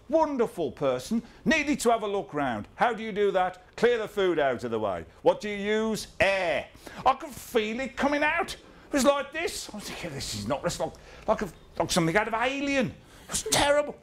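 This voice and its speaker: A man's voice: sits high, slight background noise. A man in his fifties giving an informal talk to an audience, wry and self-deprecating, often chuckling as he tells his story. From England. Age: 50s. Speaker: guest speaker.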